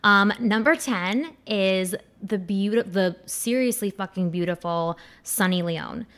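A young woman with an unhurried, mid-range, slightly bright voice gives a casual countdown ranking adult performers. Her rambling commentary is crude and packed with fillers like "like" and "um".

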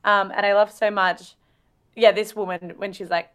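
A woman's voice: medium pitch, normal speed. A young woman with an Australian accent co-hosting a podcast, chatting casually and acting out lines from a show. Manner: animated, acts out quotes from the show. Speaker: podcast co-host. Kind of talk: casual chat.

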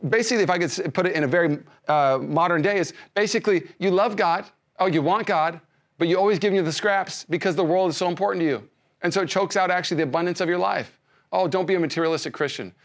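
A male pastor giving a sermon, speaking conversationally with many restarts and swinging between loud emphasis and soft hushed lines. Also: sits high, fast. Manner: frequent fillers and restarts, conversational preaching.

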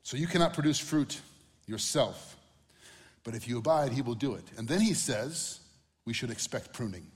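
A man's voice: mid-range voice, animated, normal speed, big-room sound. A middle-aged man preaching a sermon in a conversational way, acting out quotes with humor. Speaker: pastor.

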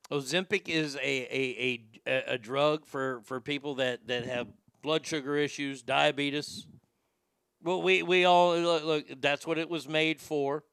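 Brief: male host, high bright voice, sarcastic and profane, dry close sound. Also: smooth, no room sound. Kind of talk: ranting celebrity commentary.

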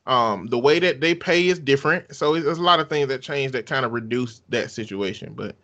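A man's voice: medium pitch, brisk, bright, forceful tone. A man hosting a podcast in casual chat, laid-back and joking, often laughing. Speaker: podcast host.

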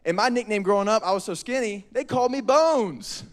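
A youth pastor with a high, bright-toned voice preaches to a group of young people. He talks in a casual, slangy, energetic way and acts out the people in the story in quick voices. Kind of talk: youth sermon.

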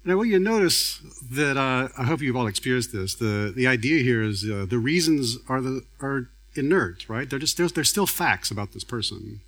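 A man's voice: mid-range voice, lively intonation, normal speed, hardly any pauses, a bit bright. A man giving a public lecture as a science journalist, conversational and acting out quoted speech.

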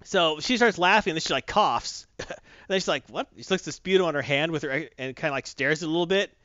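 A man's voice: a little high, fast talker, pushed and bright, dry recording. A man hosting a comics podcast, rambling and chatty with lots of fillers, recorded dull and lo-fi. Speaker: comic book podcast host. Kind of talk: casual chat.

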